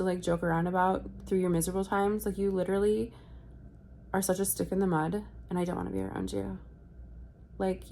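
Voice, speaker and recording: Sick, chatty young woman with vocal fry. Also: fairly low pitch, darkish tone, slight background noise. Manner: chatty, swearing, fast asides and quoting people. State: sick with a virus. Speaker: vlogger. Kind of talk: casual storytelling vlog. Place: hotel room, in bed.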